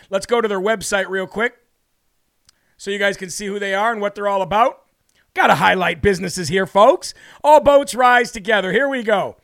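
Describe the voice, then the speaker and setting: A man's voice: sits high, moderate pace, a bit bright. A man hosting a political talk show, talking in a brash, mocking way with plenty of laughter. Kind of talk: brash casual commentary.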